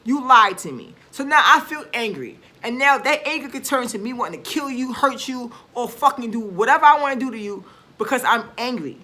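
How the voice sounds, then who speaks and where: A woman speaks straight to her viewers in a loose, unscripted rant. Her voice is bright and forward, and she leans hard on her points with swearing and sudden emphasis, often stopping to restart a thought. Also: a little high, expressive, fairly quick. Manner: blunt, emphatic and profane, often trailing off and restarting. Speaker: vlogger. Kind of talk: casual rant to camera.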